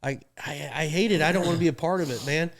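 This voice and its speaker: A man's voice: a little high, fast, gravelly. Man, rodeo clown, casual podcast storytelling, laughs often, acts out quotes.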